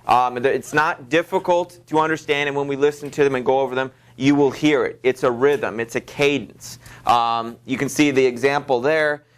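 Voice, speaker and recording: A man's voice: mid-range voice, fairly even intonation, normal speed, few pauses, clear, resonant tone. Rambling man teaching a literature class. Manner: rambling, many fillers and restarts. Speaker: high school literature teacher. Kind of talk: classroom lecture.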